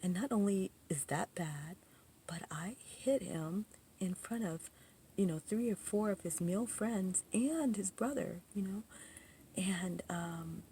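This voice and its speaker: A woman's voice: mid-range voice, slow, slight background noise. A woman casually telling a personal story in a rambling, indignant way, full of asides and restarts. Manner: indignant, animated retelling.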